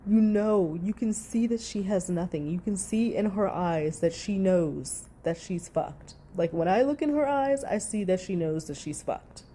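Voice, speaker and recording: A woman's voice: mid-range voice, a little slow, hardly any pauses, warm tone, a little hiss or hum. A woman giving a profane, ranting reaction commentary, swearing heavily as she talks.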